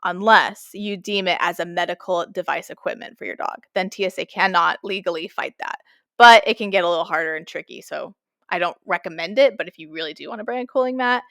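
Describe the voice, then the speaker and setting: Animated chatty woman, dry sound. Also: fairly low pitch, fairly quick, dry recording. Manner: animated storytelling with lots of "like". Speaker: podcast co-host. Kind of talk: casual chat.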